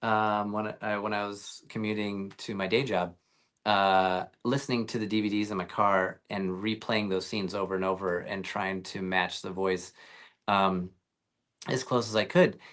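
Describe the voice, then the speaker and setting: A man's voice: on the low side, steady tone, unhurried, a bit bright. A man talking as a guest actor in a casual interview, telling rambling stories with lots of fillers and restarts over a video call.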